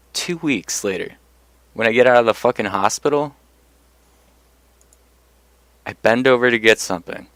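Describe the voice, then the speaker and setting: A man's voice: medium pitch, a bit bright, dry recording. A young man telling personal stories in a casual monologue, blunt and profane, getting worked up as he goes. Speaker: vlogger.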